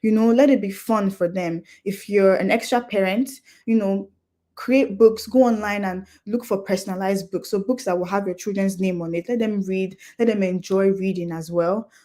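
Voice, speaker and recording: A woman's voice: mid-range voice, normal speed, dark tone. A young adult woman speaking at a conference, explaining step by step in an earnest, practical way. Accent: non-Nigerian English accent. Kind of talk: talk to an audience.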